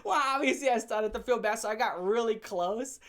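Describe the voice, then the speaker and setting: A young man telling a funny story from his teen years in a casual, animated way, laughing often and swearing freely. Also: very high voice, moderate pace. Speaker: storyteller host. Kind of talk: comedic storytime vlog.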